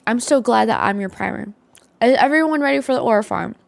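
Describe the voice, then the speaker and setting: A woman's voice: lively intonation, fast, vocal fry, dry recording. A young woman hosting a casual live stream from her desktop setup, bubbly and full of hype. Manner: bubbly, hype, high-energy. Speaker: livestream host.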